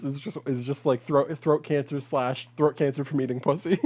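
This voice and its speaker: A man's voice: medium pitch, steady tone, normal speed, noisy background. A man co-hosting a comedy podcast, chatting loosely and laughing often. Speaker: podcast co-host. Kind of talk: casual comedy chat.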